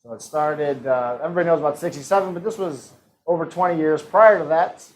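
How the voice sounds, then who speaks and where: A man's voice: fairly high pitch, fairly quick, slight background noise, low-quality recording. A man hosting a live-streamed trivia game, reading questions and answer options in a playful, teasing way. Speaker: trivia host.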